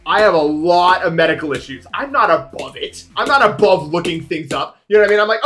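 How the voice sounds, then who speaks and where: A young man streaming, chatting casually with viewers in a rambling, animated way. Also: sits high, brisk, hardly any pauses. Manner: rambling, animated, swings into shouting.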